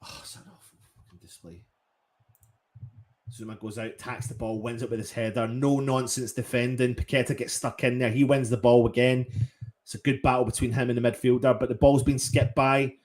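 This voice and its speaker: A man giving partisan live football commentary as a fan, swearing and swinging from low muttering to loud shouts. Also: level tone, a little fast.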